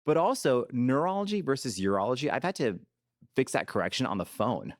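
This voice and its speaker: A man's voice: mid-range voice, animated, brisk, dry recording, clean studio sound. A man co-hosting a podcast about a TV drama, chatting casually and explaining medical terms from his own clinical work. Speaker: podcast co-host. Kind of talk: casual discussion of a TV episode.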